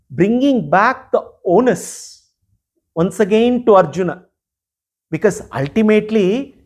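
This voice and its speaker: A man's voice: high voice, darkish tone, husky. Earnest man giving a spiritual discourse. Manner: earnest, emphatic, pausing often. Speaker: spiritual teacher.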